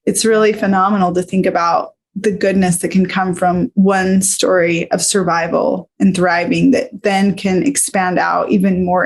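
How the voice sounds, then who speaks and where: A woman hosting a wellness podcast, encouraging and reflective as she interviews her guest. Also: fairly low pitch. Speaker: podcast host. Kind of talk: conversational interview.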